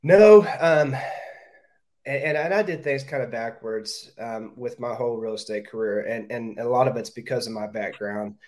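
A man's voice: medium pitch, moderate pace, a little mellow. A man who is a real estate agent, talking as a podcast guest in a direct manner, often repeating words as he thinks aloud. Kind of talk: casual interview talk.

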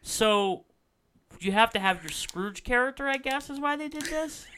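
A man's voice: extremely high pitch, expressive, moderate pace, pushed and bright, smooth. A man co-hosting a podcast, recapping a movie in playful, profane banter, acting out the characters as he tells it. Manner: profane, playful, acts out characters mid-story. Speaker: podcast co-host.

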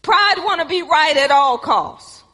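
A woman's voice: high-pitched, expressive, unhurried, sharp tone. A woman preaching a sermon, emphatic and repetitive, calling out to her congregation. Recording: reverberant hall.

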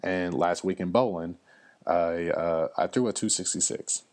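A man's voice: low-pitched, measured pace, darkish tone. A man, hosting a solo podcast and telling stories in a loose, chatty way with lots of fillers. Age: 30s. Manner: chatty, loose storytelling with frequent fillers and laughs. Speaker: podcast host. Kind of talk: casual solo podcast monologue.

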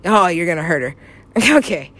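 A woman's voice: lowish voice, normal speed. A young woman rambling through a wild story, giggling often, swearing freely and trailing off mid-thought. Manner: giggly, excitable, profane, trails off.

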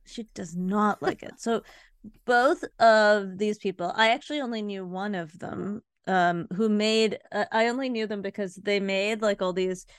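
A woman's voice: medium pitch, fairly even intonation, a little slow, clear, resonant tone, no echo, clean studio sound. A woman co-hosting a podcast in casual chat, telling a rambling story in an agreeable, chatty way. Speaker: podcast co-host.

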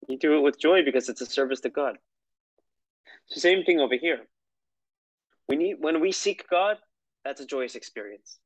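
A man's voice: medium pitch, dry recording, low-quality recording. A man teaching a lesson on prayer in a conversational, storytelling way, with asides.

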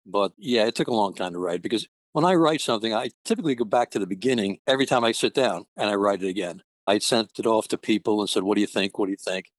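Fast-talking man with a lively low voice. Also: dry recording. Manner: earnest, candid, repeats himself. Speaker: guest author. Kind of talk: interview answers.

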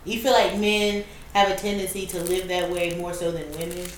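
A woman's voice: lowish voice, little pitch movement, moderate pace. A young woman in a casual group chat, speaking frankly and bluntly. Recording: echoey room with faint noise.

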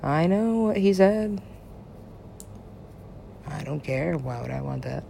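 A woman in a loose, meandering monologue, unhurried and drawn out. She giggles often and swears casually as she drifts between thoughts. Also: low-pitched, expressive, creaky, dark tone, a little hiss or hum.

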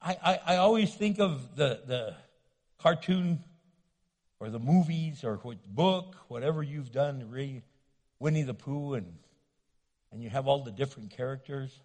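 A man preaching a sermon as pastor, loud and animated, joking and acting out little scenes. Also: medium pitch, unhurried, in a large hall. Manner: loud, animated, playful with acted asides. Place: church sanctuary.

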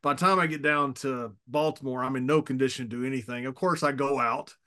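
A man's voice: medium pitch, fairly even intonation, a little fast, pushed and bright. A man in his fifties, a podcast guest, telling stories casually, chuckling often and repeating words as he goes. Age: 50s. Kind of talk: casual storytelling.

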